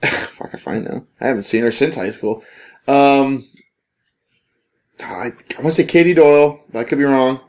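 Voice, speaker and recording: A man's voice: medium pitch, normal speed, pauses often, a little mellow. A young man casually telling a rambling story with lots of fillers, laughing often.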